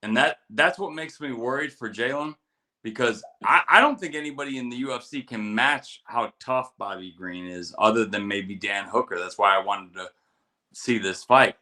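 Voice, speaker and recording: A middle-aged man, a veteran co-hosting a casual show, telling stories and giving fight picks with lots of profanity and animated quoting. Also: medium pitch, moderate pace. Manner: storytelling, profane, animated quotes. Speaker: podcast co-host, military veteran.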